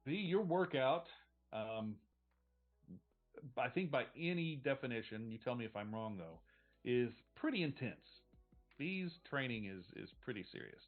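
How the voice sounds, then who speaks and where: A man's voice: mid-range voice, narrow, tinny audio. Rambling man running a tabletop game. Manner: relaxed, rambling with fillers. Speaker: game master.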